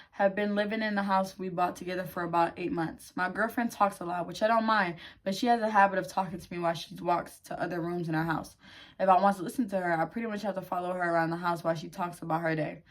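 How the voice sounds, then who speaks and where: In a casual vlog, a woman creator reads online posts aloud in a lower, quieter, even voice. Between those calmer readings she breaks in with blunt, heavily profane outbursts reacting to the stories.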